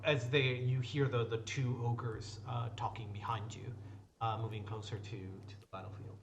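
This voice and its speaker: A man's voice: mid-range voice, flat delivery, normal speed, a little hiss or hum. A man narrating a tabletop game as game master, describing scenes with frequent restarts.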